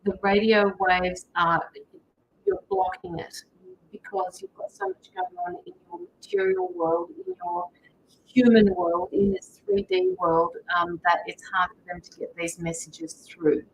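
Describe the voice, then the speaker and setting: A woman giving a live-streamed tarot reading over a video call, relaying messages with many pauses and fillers. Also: mid-range voice, big pitch swings, gravelly, highs cut off, a little hiss or hum. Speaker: tarot card reader.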